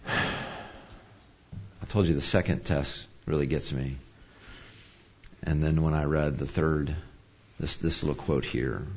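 A man's voice: rumbling low, fairly even intonation, slow, pauses often, a little mellow, slightly rough, highs cut off. A man preaching a sermon on anger, telling a personal story in a conversational, self-deprecating way.

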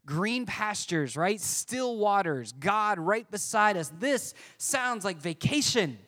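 A male pastor preaching a sermon to a congregation in an animated, emphatic way. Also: sits high, slow pace.

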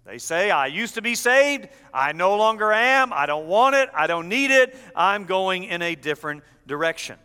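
A man's voice: high-pitched, big pitch swings, moderate pace, few pauses, pushed and bright, clear, resonant tone, big-room sound. A man preaching an expository sermon as pastor, teaching with emphatic delivery.

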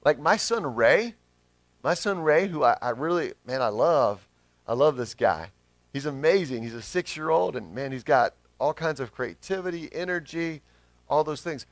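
A man's voice: fairly high pitch, lively intonation, normal speed, no echo. A man in his thirties, a pastor giving an earnest, conversational sermon with rising emphasis.

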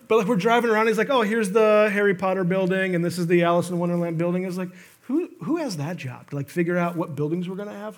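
A man preaching a sermon as a guest pastor, telling stories in an animated way with emphatic bursts and quick asides. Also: sits high.

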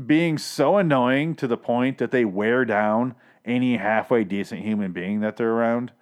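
A man's voice: mid-range voice, normal speed. A man casually recapping a TV episode at home, rambling and swearing freely with audible pops on his microphone. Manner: profane, rambling, self-deprecating. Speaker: podcast host recapping a TV show. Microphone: home microphone with audible plosives.

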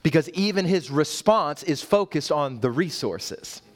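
High-voiced male preacher building emphasis. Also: lively intonation, a little slow. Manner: builds in pitch and force toward emphatic points, with rhetorical questions; playful asides to the congregation. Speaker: pastor. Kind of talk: sermon.

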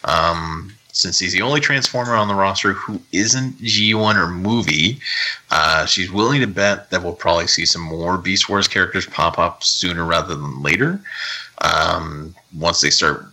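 A Canadian man hosting a podcast, chatting casually and reading out news in a relaxed, rambling way with many fillers. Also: deep voice, normal speed, rough recording. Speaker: podcast host.

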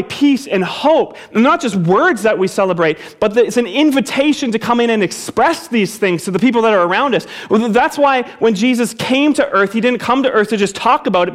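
A man's voice: high voice, expressive, normal speed, few pauses. A pastor preaching a sermon to his congregation, repeating key phrases for emphasis and calling the listeners to say them back with him.

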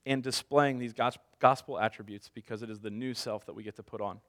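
Guy in his 30s giving a laid-back sermon, jokes on himself, medium pitch. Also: fairly even intonation, brisk, fairly bright tone. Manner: conversational storytelling with self-deprecating humor. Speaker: pastor.

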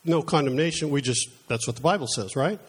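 A middle-aged man delivers a conversational sermon, slipping into personal stories with a chatty, self-deprecating manner. His voice sits a little higher than most men's, and he talks like he's chatting across a table rather than preaching from a pulpit. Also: brisk, slightly rough.

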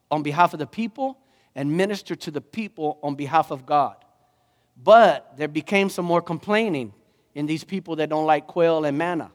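A man pastor preaching a sermon, animated and rising to emphatic questions. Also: a little high, big-room sound.

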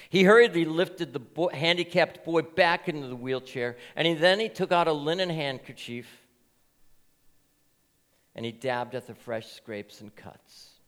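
A man preaching as pastor, earnest and deliberate, telling a story in his sermon. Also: medium pitch, fairly bright tone, in a large hall. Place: church.

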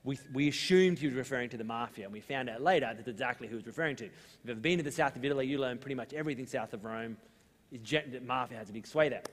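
A young adult man with an Australian accent, preaching a sermon as pastor in a relaxed, storytelling way with lively asides. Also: medium pitch, very fast. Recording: long hall reverb.

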